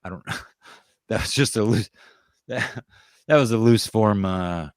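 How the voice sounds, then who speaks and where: Low-voiced profane podcast man. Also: takes it slowly, no echo, clean studio sound. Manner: profane, joking, rambling. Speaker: podcast co-host. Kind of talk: casual voice-chat podcast.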